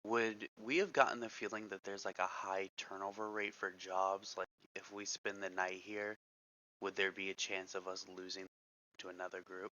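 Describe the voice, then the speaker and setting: A man at a tabletop game, chatting and asking questions with plenty of restarts. His voice sits a bit low. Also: little pitch movement, normal speed, sharp tone, highs cut off. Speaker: player. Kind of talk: casual tabletop play.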